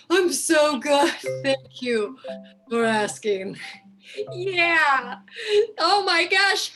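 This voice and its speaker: Giggly female improviser, very high and unhurried, bright tone. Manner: giggly, sweetly chatty. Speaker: improv player. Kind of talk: improv comedy scene. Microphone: video call.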